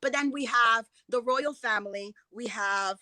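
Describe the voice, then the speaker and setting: A woman's voice: a little high, a little slow, sharp tone, dry recording. A woman giving an impassioned, emotional talk as a guest speaker, rambling and restarting her sentences as she goes.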